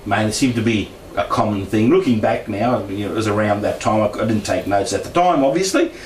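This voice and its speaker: A man's voice: on the low side, fairly quick. A man, telling a personal story in a meandering way with frequent restarts and asides, as a guest speaker at a discussion group. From Brisbane, Australia. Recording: roomy room, distant mic, faint background noise.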